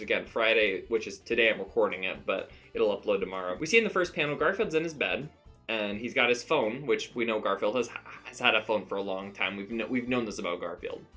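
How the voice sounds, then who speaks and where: A man's voice: on the low side, sharp tone. Man with mock-earnest, ironic delivery. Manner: ironic, mock-earnest, laughs at own jokes. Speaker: comic recap host. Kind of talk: mock-serious comic commentary. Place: home room.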